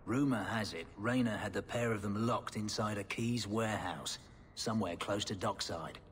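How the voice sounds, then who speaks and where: An actor playing a streetwise, wry smuggler in a video game, talking in a gruff, matter-of-fact way. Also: male voice, fairly low pitch, moderate pace, big-room sound, slight background noise, natural voice.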